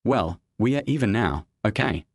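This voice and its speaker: A man's voice: on the low side, animated, normal speed, no room sound, clean studio sound. A man doing a cheeky, sly young guy. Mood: sheepish. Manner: sheepish, teasing delivery.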